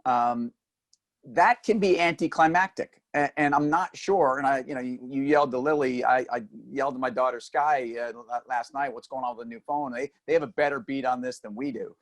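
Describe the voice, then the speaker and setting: A man's voice: mid-range voice, normal speed. A man co-hosting a finance show, teasing his partner in casual, wisecracking banter. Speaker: co-host.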